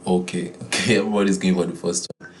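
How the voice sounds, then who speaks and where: Low-voiced man teaching a design lesson. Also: fairly even intonation, fast talker. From Nigeria. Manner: repeats key phrases, filler "uh". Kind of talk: classroom lesson.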